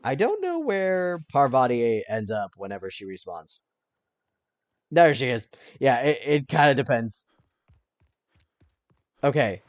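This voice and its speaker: A man giving casual let's-play commentary, thinking aloud and now and then breaking into panicked yelling. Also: mid-range voice, big pitch swings, measured pace, pauses often, no echo, dull audio.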